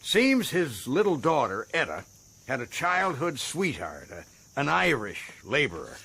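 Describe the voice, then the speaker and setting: An actor playing a boastful, folksy prison governor in a radio drama. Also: male voice, medium pitch, huge pitch swings, unhurried, vocal fry, sharp tone, breathy edge, full character voice. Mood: chatty.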